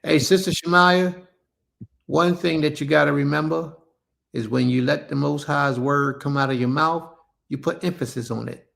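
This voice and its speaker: Over a live stream, the congregation leader delivers a casual sermon in a high-leaning, somewhat bright, creaky voice at normal speed. Repetition drives his points home, and he refers to his listeners as family.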